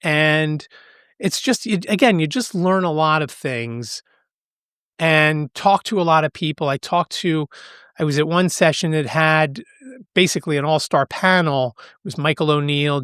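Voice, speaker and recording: A man's voice: a little high, a bit bright, no room sound. Chatty man with a dry close sound. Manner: chatty and rambling, with frequent restarts and light laughs. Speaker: podcast host. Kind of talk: casual vlog recap.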